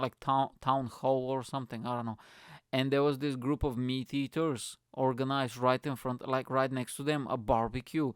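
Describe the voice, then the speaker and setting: A man from Bulgaria, hosting his show in an animated, profane comic rant full of filler phrases. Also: mid-range voice, clear, resonant tone, no echo, studio quality. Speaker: podcast host. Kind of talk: comic ranting monologue.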